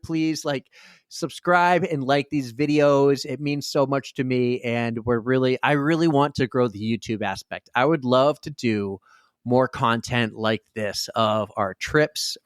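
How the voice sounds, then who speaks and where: A man co-hosting a podcast in casual chat, telling a story and acting out the quotes with big jumps in pitch. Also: fairly even intonation, a little slow, no room sound, clean studio sound. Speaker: podcast co-host.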